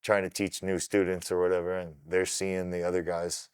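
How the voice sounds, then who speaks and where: A middle-aged man from Ohio, a kickboxer guest on a podcast, telling his story in an animated, casual way and swearing freely. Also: low voice, moderate pace, smooth, dry recording, clean studio sound.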